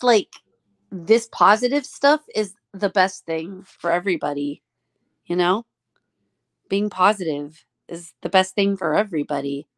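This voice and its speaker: A woman hosting a casual live stream, gushing and affectionate as she greets her viewers one by one by name. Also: mid-range voice. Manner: drawn-out, easygoing talk.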